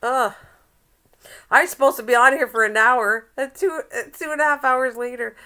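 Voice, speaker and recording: An older woman hosts a casual live-stream chat. She teases her viewers, laughs often and reads a recipe aloud haltingly. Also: high voice, steady tone, sharp tone. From Canada.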